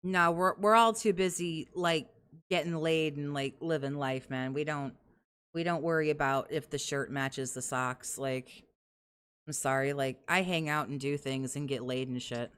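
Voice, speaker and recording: Brief: foul-mouthed, sarcastic woman riffing on clips, slightly low voice. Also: moderate pace, clear, resonant tone. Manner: sarcastic and profane. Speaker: commentary podcast host. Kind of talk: mocking commentary over clips.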